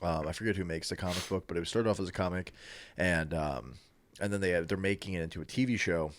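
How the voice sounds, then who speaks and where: A low-voiced man co-hosting a casual podcast. He rambles, restarts his sentences and leans on fillers as he explains. The sound is dry and close, with no room around it. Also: quick pace, dry recording. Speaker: podcast co-host.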